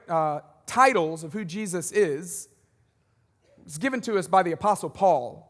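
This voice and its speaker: A man with a high voice delivers a sermon in a lively, conversational way, tossing in quick jokes and asides. His voice carries the long reverb of a large church auditorium. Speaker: pastor.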